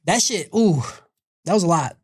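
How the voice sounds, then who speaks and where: A man hosts a loose, profane podcast, laughing his way through a story. His pitch swings widely as he gets worked up, from low mutters to high shouts. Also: lively intonation, normal speed, slightly rough. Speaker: podcast host reading listener comments. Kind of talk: casual podcast banter.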